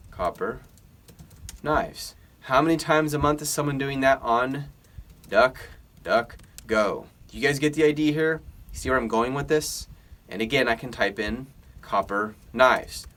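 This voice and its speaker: A man teaching an online business tutorial in an energetic, emphatic way, often putting questions to his viewers. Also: mid-range voice. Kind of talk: screen-recorded tutorial.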